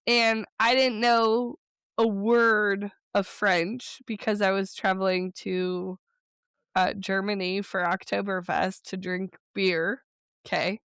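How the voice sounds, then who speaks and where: A woman co-hosting a podcast in casual chat, telling stories in a chatty, rambling way with quick bursts. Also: mid-range voice, fairly bright tone, clear, resonant tone, dry recording, studio quality. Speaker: podcast co-host.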